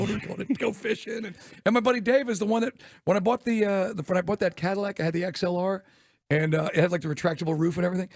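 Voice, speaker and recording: Man, sports radio co-host, high voice, quick chatter, gravelly edge, dry close mic. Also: fairly even intonation, a little mellow, no echo. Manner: rapid storytelling, laughs often. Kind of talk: casual radio chat.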